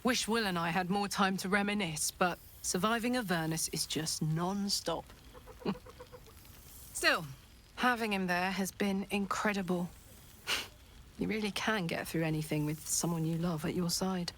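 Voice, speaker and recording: An actress voicing a boisterous, swearing, affectionate tiefling warrior woman in a video game, loud and blunt, laughing easily. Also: on the low side, measured pace, a little hiss or hum. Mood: fond, excited.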